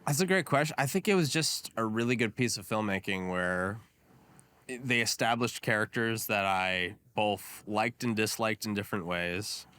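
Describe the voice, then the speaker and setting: A man co-hosting a podcast in a casual, animated chat, emphatic and quick to jump in over the others. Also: on the low side, dry recording. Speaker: podcast co-host.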